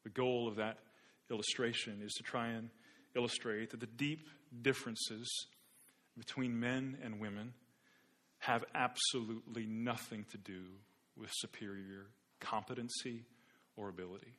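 A man's voice: mid-range voice, steady tone, measured pace, fairly bright tone. A man preaching a sermon as a pastor, telling an illustrative story in an earnest way with occasional repeated words.

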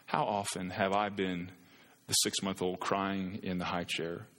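A man's voice: low-pitched, little pitch movement, a little slow, fairly bright tone. A man in his thirties preaching a sermon as a pastor, earnest and building to impassioned pleading. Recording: long reverb of a large hall.

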